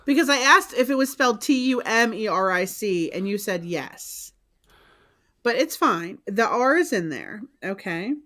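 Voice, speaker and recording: A woman's voice: medium pitch, lively intonation, unhurried, bright, forceful tone. A woman co-hosting a live home stream, chatting casually and insisting on her point, spelling words out letter by letter. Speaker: co-host of a live reselling stream. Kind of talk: casual chat.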